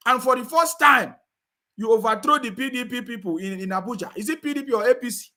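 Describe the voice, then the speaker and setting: A man's voice: extremely high pitch, fast, pushed and bright. A man delivering a combative, repetitive rant and often asking his audience if they understand him. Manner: combative, repeats phrases, asks "you understand me?". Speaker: political commentator. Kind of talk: heated live-stream rant.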